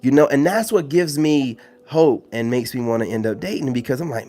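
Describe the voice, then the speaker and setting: A man hosts a casual live stream, talking in an animated, medium-pitched voice with a dark tone. He goes a little fast with few pauses, speaking loosely, heavy on slang and fillers like "you know what I'm saying."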